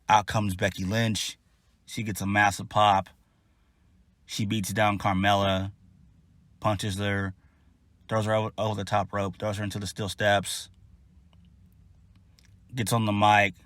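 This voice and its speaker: A man's voice: lowish voice, a bit bright, no echo. A man giving a casual solo wrestling review, blunt, exasperated and profane.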